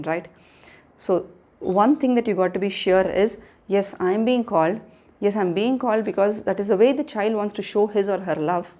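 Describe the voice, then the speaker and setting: A woman's voice: mid-range voice, dark tone. A woman coaching parents in a direct-to-camera talk. She speaks earnestly, repeats her points, and asks the viewer rhetorical questions.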